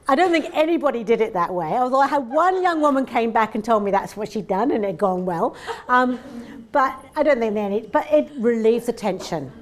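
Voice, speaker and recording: A woman's voice: a little high, expressive, fairly quick. A woman giving a conversational seminar talk, chatty and anecdotal, often acting out little dialogues. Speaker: seminar presenter. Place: seminar room.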